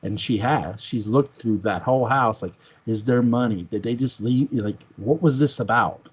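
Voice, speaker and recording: A man's voice: medium pitch, moderate pace, husky. A man co-hosting a podcast, chatting casually and enthusiastically about a film and quoting its lines. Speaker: podcast co-host. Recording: dull lo-fi sound.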